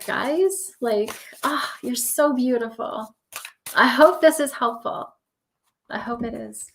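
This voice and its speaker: A woman's voice: a little high, slow pace, a little hiss or hum. A woman giving a live-streamed spiritual tarot reading, talking in an effusive, emotional, affirming way.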